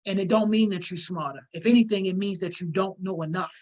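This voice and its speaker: A woman's voice: mid-range voice, fast, a little mellow. A woman teaching public speaking in a live online workshop, talking in an emphatic, conversational way with everyday slang. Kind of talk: live-streamed workshop, reading viewer comments. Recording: dull lo-fi stream audio.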